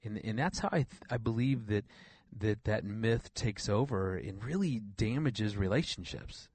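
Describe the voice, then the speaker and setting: Middle-aged male guest, low voice, earnest storyteller, stumbles and repeats words, dry studio mic. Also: lively intonation, a little slow, darkish tone, breathy edge, no room sound. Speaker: regular guest, relationship counselor. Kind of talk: radio interview, storytelling.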